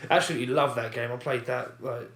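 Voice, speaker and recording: A man co-hosting a podcast, chatting casually, animated and rambling with fillers and frequent laughs. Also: mid-range voice, fast. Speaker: podcast co-host. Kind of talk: casual chat. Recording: echoey room, faint background noise.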